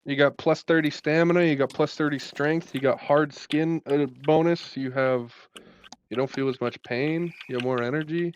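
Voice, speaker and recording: A man's voice: fairly high pitch, fairly even intonation, normal speed, clear, resonant tone, lo-fi sound. A man co-hosting a casual podcast chat, playful and jokey, laughing often. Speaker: podcast co-host.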